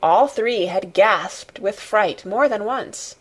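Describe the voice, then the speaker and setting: A woman reading a classic novel aloud as an expressive audiobook narrator. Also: medium pitch, slow, husky. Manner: expressive storytelling. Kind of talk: scripted narration.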